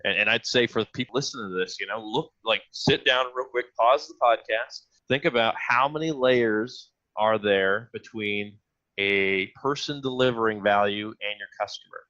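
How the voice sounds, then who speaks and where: A man's voice: fairly low pitch, normal speed, pushed and bright. A man who trains teams talking casually on a podcast, addressing the listeners directly. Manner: conversational, restarts and direct asides to listeners. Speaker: agile trainer and podcast co-host. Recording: dull lo-fi audio.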